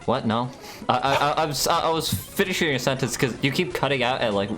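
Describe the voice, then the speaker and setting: Young man co-host, casual call chat, easy laughter, cursing, clear music underneath. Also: medium pitch, a little fast, fairly bright tone. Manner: laughs easily, swears casually.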